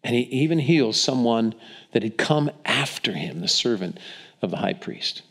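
Medium in pitch and fairly bright, this man's voice carries lively intonation at normal speed as he preaches. He brings scripture to life through storytelling and acted voices for quotes, though he often restarts and repeats.

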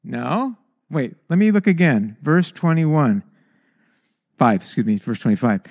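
A man preaching a sermon in an animated way, stammering when excited and breaking into anguished high cries. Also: normal speed, dry recording, clean studio sound.

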